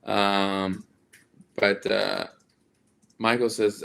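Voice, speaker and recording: A man's voice: fairly low pitch, normal speed, creaky, bright, forceful tone, slight background noise. A man hosting a live stream, chatting casually and playfully with viewers, often rambling and repeating his words. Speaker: livestream host.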